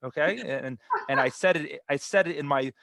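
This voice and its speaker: A man hosting a community video call, speaking in a halting way with many restarts. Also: a little high, creaky, fairly bright tone, no room sound. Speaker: host.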